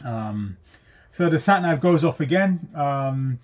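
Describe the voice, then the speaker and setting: Driving instructor guy, 40s, chatty story, lots of ums, bit husky. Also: on the high side, slow. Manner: animated, acts out voices, many ums. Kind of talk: casual storytelling.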